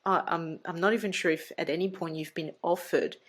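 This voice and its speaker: A woman's voice: fairly low pitch, fairly even intonation, brisk. A woman, hosting a casual chat as a doula and speaking earnestly and emphatically. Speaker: doula and podcast host.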